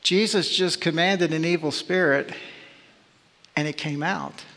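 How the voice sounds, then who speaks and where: Man, pastor, sermon, high-pitched voice, emphatic, long echoing reverb of a big church hall. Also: a little slow, a bit bright. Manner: emphatic preaching, rhetorical questions.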